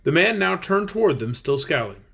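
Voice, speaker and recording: A man reading a children's book aloud, with lively storybook narration. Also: a little high, moderate pace, vocal fry, husky. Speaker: audiobook reader.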